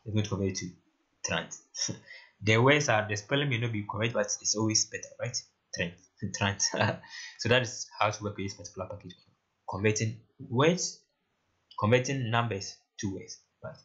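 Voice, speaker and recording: A man's voice: lowish voice, a little fast, fairly bright tone. A man talking through a screen-recorded coding tutorial in a casual way, often asking "right?" while he works. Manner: casual, repeats "right?" and "very interesting". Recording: lo-fi muffled mic. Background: keyboard typing and clicks.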